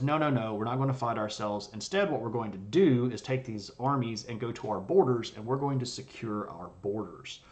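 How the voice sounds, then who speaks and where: A man with blocked sinuses giving a casual, chatty live-streamed history lecture with jokes and fillers. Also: mid-range voice. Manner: chatty, jokey, many fillers.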